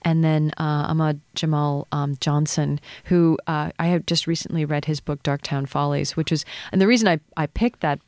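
A middle-aged woman poet, a guest on a live radio program, talking eagerly with many restarts and reading her poems slowly and deliberately. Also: low-pitched, fairly even intonation, dry recording. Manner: warm and effusive in talk, slow and measured when reading. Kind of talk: casual radio interview, then poetry reading. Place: radio studio.

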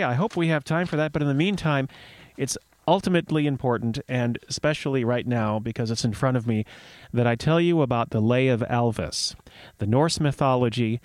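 A male radio host who chats playfully and wanders off into asides while telling stories. His voice sits at an ordinary middle pitch, and the recording is dry and close with no room echo. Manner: playful, rambling and chatty. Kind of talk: casual radio talk and storytelling.

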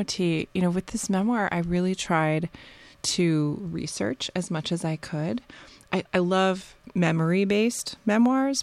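Woman author guest, gravelly voice with fry, dry studio sound, enthusiastic storyteller. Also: fairly low pitch, no echo. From United States. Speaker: author guest and occasional guest host. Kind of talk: casual radio interview. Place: radio studio.

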